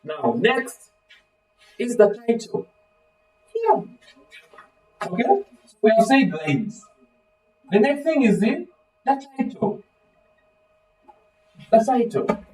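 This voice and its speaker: A man's voice: very high-pitched, slow, pauses often, recorded from a distance, low-quality recording. A man teaching a literature lesson, calling on students by name and asking fill-in-the-blank questions. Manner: animated, acts out voices of characters. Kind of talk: live online literature lesson.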